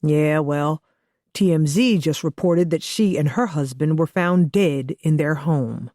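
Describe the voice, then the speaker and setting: A woman's voice: low-pitched, measured pace, dark tone, no echo, clean studio sound. A woman voicing a blunt, profane young man who is about to become a father, read for an audiobook. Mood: sober. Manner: profane, teasing, matter-of-fact. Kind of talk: audiobook dialogue reading.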